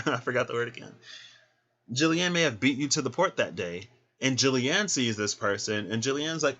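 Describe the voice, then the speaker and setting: A man giving a casual tarot reading, chatty and animated, who laughs often and acts out little scenes. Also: medium pitch, moderate pace, highs cut off. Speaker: tarot reader.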